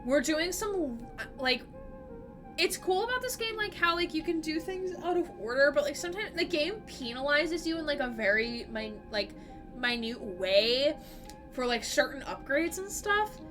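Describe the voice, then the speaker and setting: A woman's voice: high voice, lively intonation, normal speed, music in the background. A woman live-streaming a game and chatting casually with her viewers. She rambles, fills her sentences with "like" and laughs easily. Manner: chatty and rambling, heavy use of "like".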